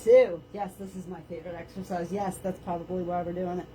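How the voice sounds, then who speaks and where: Her voice is on the low side, level and fairly quick, with a dark tone and a little hiss or hum. She's a fitness instructor leading a live workout indoors on a floor mat at home, recorded by a camera on the floor, joking about herself while coaching planks and stretches and counting reps.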